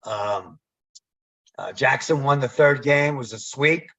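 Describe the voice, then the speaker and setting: Guest spot: husky male storyteller, animated, dull lo-fi line. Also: mid-range voice, takes it slowly. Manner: animated storyteller, acts out quoted dialogue. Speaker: guest, former umpire. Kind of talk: storytelling in a podcast interview.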